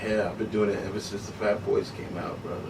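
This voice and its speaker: A middle-aged man telling stories as an interview guest, animated and casual, often saying "you know what I'm saying". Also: on the low side, quick pace, distant mic, noisy background. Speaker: human beatboxer, interview guest.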